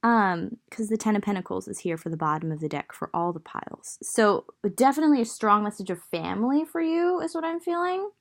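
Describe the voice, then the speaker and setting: A woman's voice: medium pitch, expressive, a little fast, few pauses. A young woman with a Southern US accent giving a casual, rambling tarot reading, thinking aloud with many fillers. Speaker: tarot reader.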